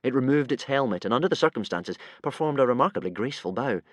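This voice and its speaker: A man narrates a children's adventure audiobook. His delivery rises and falls in a lively, animated way. The sound is dry and close. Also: mid-range voice, fast, no echo. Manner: lively, voices many characters. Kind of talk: expressive audiobook reading.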